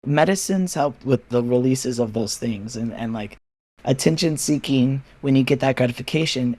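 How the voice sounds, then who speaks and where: A man's voice: medium pitch, darkish tone, breathy edge. A man talking candidly as a podcast guest, frank and casual with swearing, acting out his friends' replies as he tells stories. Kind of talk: candid personal conversation.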